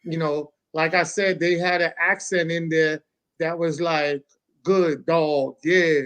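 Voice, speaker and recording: Co-host, a man, slow and earnest, slightly high voice. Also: flat delivery, pushed and bright, smooth. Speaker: podcast co-host. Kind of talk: casual podcast chat.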